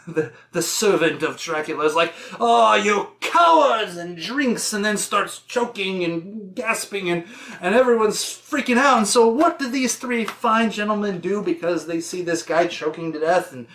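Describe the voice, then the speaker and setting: A man's voice: sits high, moderate pace, fairly bright tone, echoey room. A young man casually reviewing a horror movie, irreverent, sarcastic and profane, laughing often.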